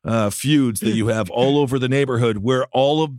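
A man's voice: mid-range voice, normal speed, darkish tone, dry recording, studio quality. A man co-hosting a comedy podcast, adding wry joking asides. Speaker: podcast co-host. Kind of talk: casual comedic chat.

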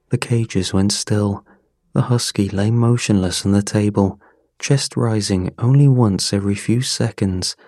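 A man narrating a scripted horror story in a measured, somber way. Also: lowish voice, warm tone, dry recording, studio quality.

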